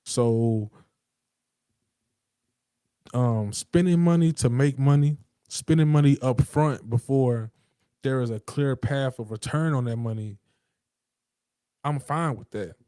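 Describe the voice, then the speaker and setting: A man's voice: mid-range voice, slow pace, pauses often, dark tone, clean tone, no echo, studio quality. A man talking casually in a rambling, emphatic monologue, full of street slang and profanity. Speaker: podcast host.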